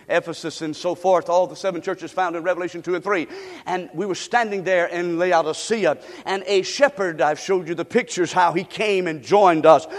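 A man's voice: high voice, long reverb tail. A man from the United States preaching a sermon, leading his congregation in call-and-response. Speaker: pastor.

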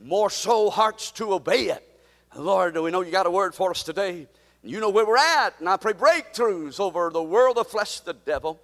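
A man preaching a sermon and leading a prayer, calling for amens and swinging between loud and soft. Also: sits high, expressive, moderate pace, long reverb tail. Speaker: pastor. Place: church sanctuary.

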